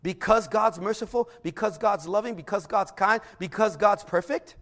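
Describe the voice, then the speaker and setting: A middle-aged man preaching a sermon, who reads scripture slowly and then tells personal stories with energy. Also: sits high, fairly bright tone.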